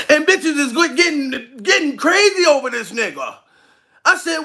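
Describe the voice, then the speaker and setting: A man's voice: extremely high pitch, very animated, moderate pace, sharp tone. A male comedian ranting on a livestream, profane and laughing often as he speaks to his target directly. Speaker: comedian streaming live. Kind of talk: comedic rant to camera.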